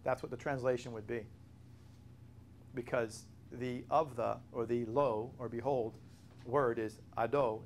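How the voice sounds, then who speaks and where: An earnest man leading a Bible study lesson in a voice of ordinary pitch. He works through his points patiently, repeating and spelling words out for his listeners, with a faint hiss under the recording. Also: darkish tone. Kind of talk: teaching a Bible study to remote viewers.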